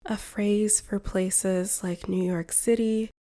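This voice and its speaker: American woman teaching english real slow, mellow voice, each phrase spaced out. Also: medium pitch, fairly even intonation. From United States. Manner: slow, careful, clearly separated phrases. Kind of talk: slow shadowing practice narration.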